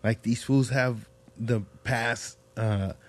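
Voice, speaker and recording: A man's voice: mid-range voice, fairly even intonation, slow pace. A man hosting a podcast in casual chat, a slangy, profane storyteller who acts out the people he quotes. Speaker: podcast host.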